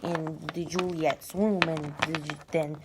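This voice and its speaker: A woman's voice: sits low, little pitch movement, unhurried. A young woman telling a comic, rambling retelling full of filler words. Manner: rambling, filler-heavy valley-girl talk. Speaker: storyteller. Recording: noisy recording with clicks.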